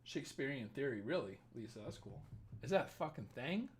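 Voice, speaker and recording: A young man hosting a casual livestream, reading viewer comments and giving dating advice in a profane, joking, animated way. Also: medium pitch, a little fast. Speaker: dating coach livestream host.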